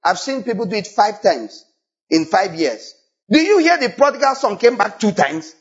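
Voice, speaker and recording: A man preaching a sermon as a pastor, dropping low and then rising to high exclamations as he presses his point. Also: big pitch swings, moderate pace, dull audio.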